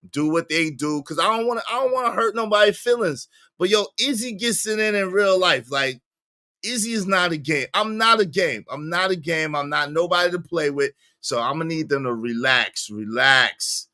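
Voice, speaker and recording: Playful man hosting a bright, dry livestream. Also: fairly high pitch, dry recording. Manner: playful, animated, teasing chat. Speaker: livestream host. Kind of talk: casual livestream chat.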